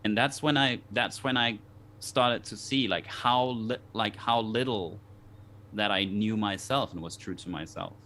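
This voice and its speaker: A man's voice: on the low side, unhurried, sharp tone, slight background noise. A man from Denmark, a guest on a talk show, telling a personal story in an earnest, reflective way with many restarts.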